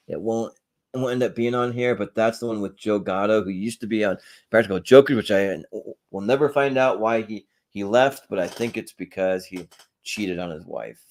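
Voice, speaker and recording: A man's voice: lowish voice, darkish tone. A young adult man hosting a solo ranking show, chatting offhand and rambling with frequent hesitations. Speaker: podcast host. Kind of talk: casual solo ranking chat.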